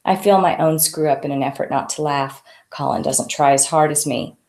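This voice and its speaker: A woman author reading her own novel aloud in a conversational, unhurried way. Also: low-pitched, gravelly, darkish tone. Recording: echoey room.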